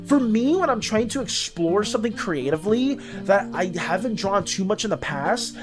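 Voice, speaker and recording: A woman artist streamer chatting casually on a live stream, animated and chatty as she greets and thanks viewers. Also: mid-range voice, moderate pace, music in the background.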